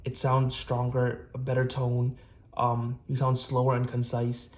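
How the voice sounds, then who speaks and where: A man's voice: medium pitch, completely flat delivery, a little slow, darkish tone. A young man talking casually to camera in a self-improvement vlog, rambling earnestly with many fillers and restarts. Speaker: vlogger.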